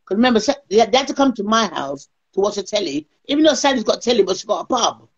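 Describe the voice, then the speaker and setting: A woman's voice: medium pitch, fast talker, slightly rough. A woman, telling her story as an interview guest and acting out other people's lines. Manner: animated, acts out others' lines. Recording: lo-fi call audio.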